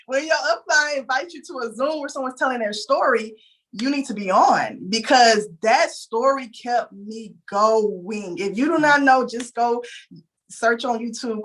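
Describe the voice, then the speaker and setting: Brief: young Texan woman, higher voice, candid and emotional storytelling, calls listeners "y'all". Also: a bit bright. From Houston, Texas. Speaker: interviewee. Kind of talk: casual storytelling.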